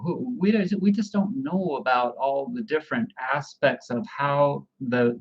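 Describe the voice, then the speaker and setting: A man's voice: mid-range voice, dull audio. A man hosting a casual livestream, rambling and chatting directly with his viewers. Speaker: livestream host.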